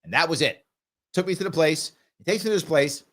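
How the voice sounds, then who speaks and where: Animated man hosting a live Q&A. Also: on the high side, a little fast. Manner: conversational, emphatic, animated anecdote telling. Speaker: livestream show host. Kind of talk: casual live Q&A and storytelling.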